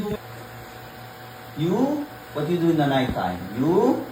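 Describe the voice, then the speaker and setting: A woman gently but firmly settles her child in a home vlog, her pitch swinging widely between soothing and stern. She sounds some distance from the mic in a very reverberant living room. Steady household noise runs underneath. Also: measured pace, long pauses. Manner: patient, coaxing, firm but gentle. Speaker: mother. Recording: echoey room, far from mic, background noise.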